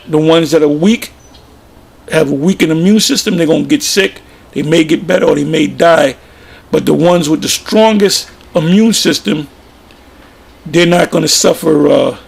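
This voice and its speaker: Man, gravelly voice, a bit higher pitched, emphatic informal preaching, repeats himself. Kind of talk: informal religious commentary.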